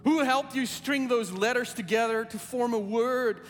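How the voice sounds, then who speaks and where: A man preaching a sermon in a church, speaking earnestly and deliberately, repeating his key phrases. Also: extremely high pitch, in a large hall, faint music behind. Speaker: pastor.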